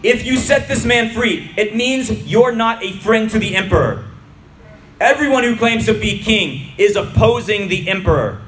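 Man playing an angry accusing crowd, loud, insistent, high-pitched, roomy hall, faint background noise. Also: animated, a little fast, few pauses.

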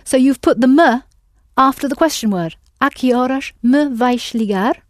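A woman's voice: high-pitched, normal speed, no echo, clean studio sound. A woman teaching a language lesson, patiently prompting her students with questions.

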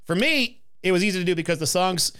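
Lively, laughing man co-host. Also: high-pitched, quick pace, clear, resonant tone. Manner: animated, laughs often. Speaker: podcast co-host. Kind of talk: casual chat about a film musical.

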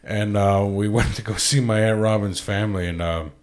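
A man's voice: fairly low pitch, steady tone, normal speed. A man co-hosting a comedy podcast, cracking crude jokes in loose, casual banter. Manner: crude, joking, breaks into impressions. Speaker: podcast co-host.

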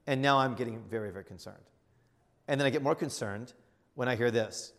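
A man's voice: medium pitch, fairly quick. A middle-aged man preaching as a bishop, telling a funny story with laughter and acted-out voices. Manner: animated, laughing, acts out voices. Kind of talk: storytelling sermon. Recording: reverberant hall.

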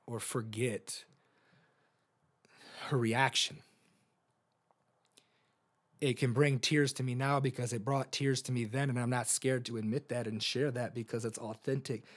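A man in his thirties hosting a podcast, telling personal stories in an earnest, open-hearted way. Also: mid-range voice. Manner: earnest, open about feelings, storytelling with fillers. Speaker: podcast host. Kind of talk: personal reflective monologue.

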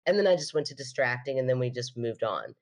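A woman podcast host telling a story in casual chat, animated, laughing often and acting out what people said. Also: a bass voice, fast talker.

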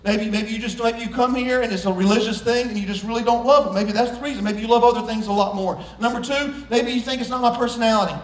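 A man preaching a sermon to a congregation, joking and swinging from hushed asides to loud shouts. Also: very high-pitched, fast, few pauses, distant mic. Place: church sanctuary. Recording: echoey room, voice from off-mic.

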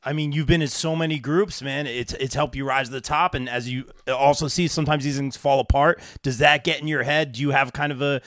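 A man hosting a live podcast interview, excitable and reading out comments from the chat. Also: mid-range voice, a little fast, few pauses, no room sound. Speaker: podcast host.

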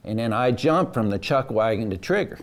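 A man telling a rodeo story in a casual, folksy, animated way. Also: medium pitch, a little fast. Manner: folksy drawl, animated retelling.

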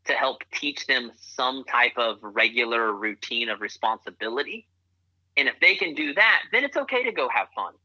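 A man's voice: medium pitch, expressive, moderate pace, sharp tone, dry recording. A man, an author and parent, talking earnestly as a guest in a podcast interview, coaching with repeated phrases. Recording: muffled lo-fi remote line.

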